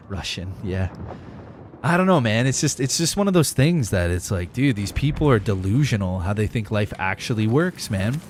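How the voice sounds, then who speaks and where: A man's voice: on the low side, expressive, normal speed, a little hiss or hum. A young man streaming a game live, chatting with viewers in a profane, emphatic, ranting way. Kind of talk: casual gaming livestream chat.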